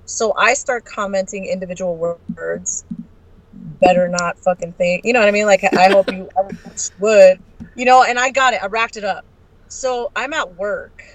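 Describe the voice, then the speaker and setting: A woman guest on a podcast, telling a story in a brash, profane and animated way. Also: mid-range voice, moderate pace, rough recording. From Arizona.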